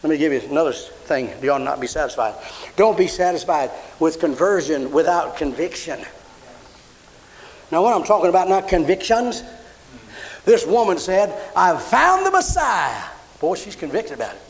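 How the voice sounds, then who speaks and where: A man's voice: on the high side, moderate pace, poor audio. A man preaching a sermon, telling personal stories and acting out the voices in them. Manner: animated storyteller acting out quotes. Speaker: pastor.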